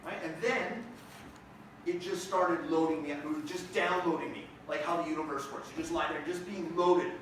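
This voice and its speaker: A man performing a one-man comedy show, telling a story in an animated, jokey way and acting out his own reactions. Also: on the high side, normal speed. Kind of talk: stand-up storytelling. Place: theater stage. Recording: echoey theater, distant mic, audience noise.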